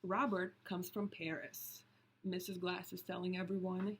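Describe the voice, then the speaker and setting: A woman reading a picture book aloud, slow and deliberate, stopping to point out the pictures. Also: on the low side, fairly even intonation, husky. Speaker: storybook reader.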